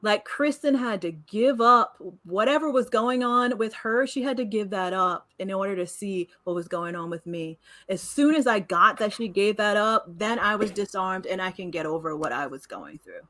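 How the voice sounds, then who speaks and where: A woman's voice: medium pitch, animated, moderate pace, hardly any pauses, a bit bright. A woman co-hosting a casual podcast chat, talking in an earnest, reflective way and laughing between points. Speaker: podcast co-host.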